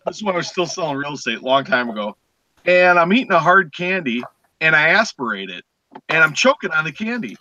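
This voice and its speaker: A man's voice: high voice, no room sound, muffled recording. A man on a talk show, telling a story in casual chat and acting out the voices of people in it. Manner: animated, acts out quoted voices.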